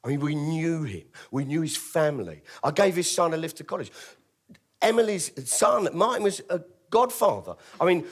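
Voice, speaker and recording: A British man performs a comic true story on stage. His voice sits a little high, and he tells it with wry timing and theatrical flair, acting out the other people's lines himself. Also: lively intonation, moderate pace. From Britain. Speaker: stand-up comedian. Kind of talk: live storytelling comedy show.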